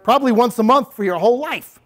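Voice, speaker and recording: A middle-aged man giving a presentation to parents on bullying, demonstrating calm, assertive speech to his audience. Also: very high-pitched, fast talker.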